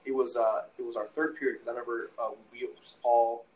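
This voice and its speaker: This young man talks at a middle pitch and spins a long, rambling tale, full of swearing and stumbling restarts. A faint noise sits under his voice. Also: flat delivery, fairly quick, poor audio. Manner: rambling, profane, many restarts and fillers. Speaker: podcast guest, musician. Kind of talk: casual storytelling.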